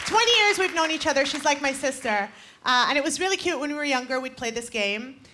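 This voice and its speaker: A woman's voice: high voice, animated, fast. A woman in her twenties performing stand-up comedy with punchy, playful crowd work on a live stage. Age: 20s. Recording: live stage mic over loud crowd noise.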